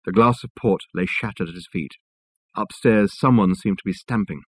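A man narrating a novel as an audiobook, in a measured, wry storytelling manner on a close mic. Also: low voice, dry recording.

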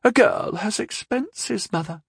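A man's voice: high-pitched, very animated, moderate pace, a bit bright, slightly rough, no room sound, clean studio sound, pitched above the performer's own voice, full character voice. A man voicing a spoiled, disdainful young noblewoman in an audiobook reading. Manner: disdainful, sarcastic. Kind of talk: audiobook character voice.

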